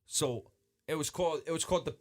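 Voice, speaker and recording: Animated, profane male storyteller. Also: a little high, fast, dry recording, clean studio sound. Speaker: podcast guest. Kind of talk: casual storytelling chat.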